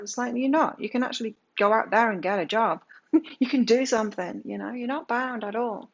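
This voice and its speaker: A woman's voice: a little high, moderate pace. Woman doing a tarot reading, lots of rhetorical questions, kinda muffled lo-fi audio. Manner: emphatic, lecturing, rhetorical questions. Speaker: tarot reader. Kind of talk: live tarot energy reading. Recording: slightly dull lo-fi sound.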